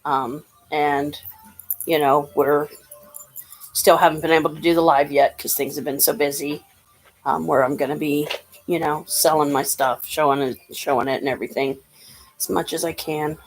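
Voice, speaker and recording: A woman with a slightly low voice talks through a tarot reading in a loose, chatty way. She rambles and drifts between thoughts, with plenty of ums and you-knows. Faint music sits in the background. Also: steady tone, normal speed, poor audio. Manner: chatty and rambling, with many fillers. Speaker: tarot reader. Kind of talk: casual tarot card reading.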